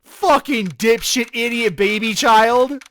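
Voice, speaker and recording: A man's voice: extremely high pitch, takes it slowly, fairly bright tone, pitched above the performer's own voice, heavily acted. A man voicing a panicked male killer who schemes to frame someone, cursing as he goes. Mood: frantic.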